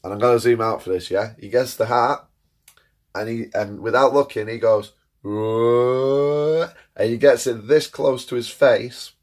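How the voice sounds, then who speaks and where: A young man telling a casual storytime anecdote, animated, acting out his friends' lines and laughing at his own tale. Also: medium pitch, moderate pace, husky.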